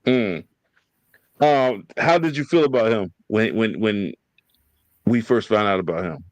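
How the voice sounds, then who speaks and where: A man hosting a podcast, telling family stories in a casual, animated and profane way. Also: on the low side, measured pace, dry recording, poor audio. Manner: animated storytelling, slangy and profane. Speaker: podcast host.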